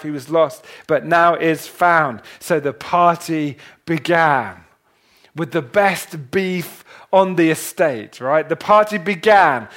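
A man preaching a sermon, retelling a parable in a dramatic way that swings from hushed to loud. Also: on the high side. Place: church hall with a congregation.

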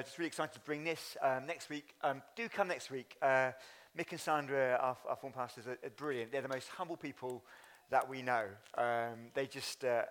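A man's voice: mid-range voice, fairly bright tone. A man who is a church leader, preaching a sermon at a Sunday service in a chatty way, speaking straight to the congregation. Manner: chatty, addresses congregation directly.

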